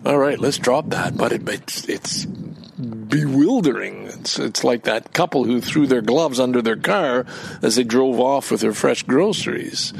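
A man's voice: medium pitch, normal speed, gravelly, a little hiss or hum. A man recording a casual, rambling monologue outdoors in a park, swearing freely and flaring up as he gets indignant. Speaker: vlogger.

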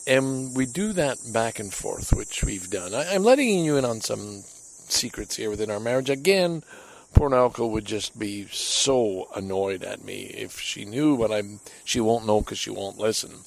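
A man's voice: on the low side, lively intonation, measured pace, vocal fry, slight background noise, low-quality recording. A man on his home deck, telling a candid, rambling, self-critical personal story in a casual monologue.

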